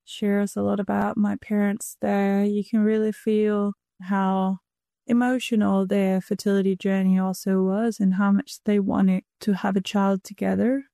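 A young woman speaks slowly and thoughtfully, her voice mellow with a gravelly edge. The sound is dry and close. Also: medium pitch, level tone, dry recording. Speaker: donor-conceived daughter.

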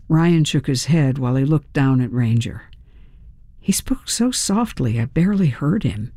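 A woman's voice: extremely low pitch, lively intonation, measured pace, warm tone, no echo, clean studio sound. A woman narrating a first-person audiobook with a wry, dryly humorous manner.

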